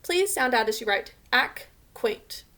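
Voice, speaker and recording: A woman's voice: on the high side, animated, slow, sharp tone. A woman teaching a remote spelling lesson to children, patiently sounding out words letter by letter.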